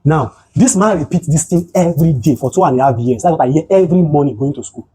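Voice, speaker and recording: A man with a Nigerian accent speaks to a gathered group as a psychotherapist. His voice is mellow and a little husky, and he builds his points through personal stories and rhetorical questions. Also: on the high side, fast, rough recording. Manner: animated storytelling, rhetorical questions. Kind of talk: motivational talk to a group.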